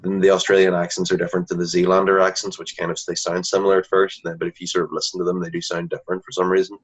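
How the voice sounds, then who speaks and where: A man's voice: sits low, completely flat delivery, racing, slightly rough. A man, a guest in a casual interview, talking earnestly and often restarting his sentences. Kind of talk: casual conversation. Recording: dull lo-fi recording.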